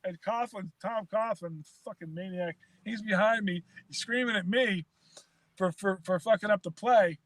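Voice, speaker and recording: A man's voice: sits high, moderate pace, fairly bright tone, no echo. A man, a former quarterback, chatting casually from his car, laughing through stories, swearing and stumbling over repeated words. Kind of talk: casual sports chat.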